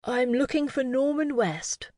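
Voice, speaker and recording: A courteous, formal older gentleman with a clipped upper-class British accent, as a woman narrator puts him on. He speaks slowly and politely from a storybook, each word unhurried. The sound is close and dry. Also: high-pitched, lively intonation, no echo, voice pushed up.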